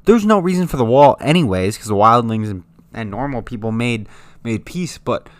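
A young man rants with mounting exasperation, firing off sarcastic jabs and curses. His voice sits in an ordinary middle pitch. The recording is dry and close, with no room sound. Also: expressive, dry recording. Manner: exasperated, swearing, fast ranting with sarcastic jabs. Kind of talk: ranting monologue.

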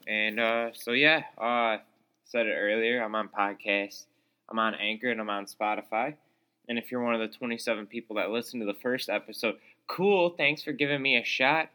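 A man's voice: medium pitch, normal speed, pushed and bright, clear, resonant tone. A young man hosting his own podcast, ranting sarcastically about college life with lots of "like" and "uh", sounding exasperated. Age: young adult. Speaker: solo podcast host. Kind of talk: casual ranting monologue. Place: small room, calls it his studio.

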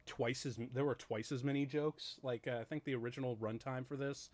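A man co-hosting a casual chat about a film, laughing often and talking in halting bursts with lots of fillers. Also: mid-range voice, steady tone, darkish tone. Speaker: co-host reacting to a film.

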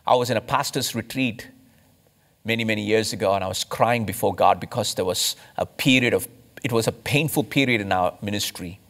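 A man from India, a pastor, preaching a sermon with emphatic rises and slow, stressed phrases. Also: lowish voice, a bit bright.

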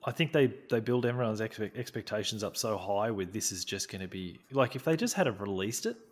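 A man's voice: fairly low pitch, expressive, a little fast. Young male podcast co-host, easygoing and talkative, laughs and swears, with frequent restarts. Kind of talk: casual chat.

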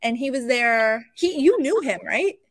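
A young adult woman talks through a story from behind the vendor's table, animated and emotional, tripping over her words as she goes. Her voice sits a little high. The sound is dry, with no room echo. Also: unhurried. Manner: animated, emotional, with many fillers and restarts. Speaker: podcast host and card show vendor. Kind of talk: casual storytelling.

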